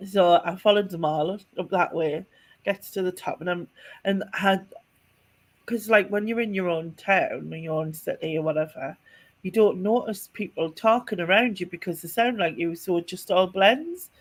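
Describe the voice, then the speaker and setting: A woman's voice: on the low side, normal speed. A woman, telling a story in casual podcast chat, rambling with restarts and small laughs. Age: 40s. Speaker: podcast co-host.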